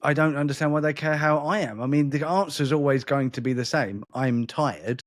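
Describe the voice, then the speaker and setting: Podcast guy, london-ish accent, kinda higher voice, rambles and restarts a lot. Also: steady tone, a little fast, no room sound, clean studio sound. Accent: London mixed with a more polished English. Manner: rambling, repeats words and restarts often. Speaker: podcast co-host. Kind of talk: casual podcast chat.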